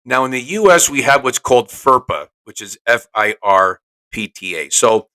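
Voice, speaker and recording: Brief: chatty male podcast host, salesy and brash, mid-pitched. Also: expressive, moderate pace, bright, forceful tone, rough recording. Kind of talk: casual solo podcast talk.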